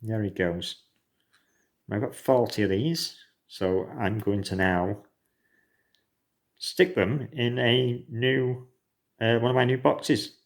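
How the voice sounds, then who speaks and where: A man showing his new isopod box in a relaxed, jokey, matey way. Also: medium pitch, slow, long pauses. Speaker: isopod keeper. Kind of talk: casual show-and-tell.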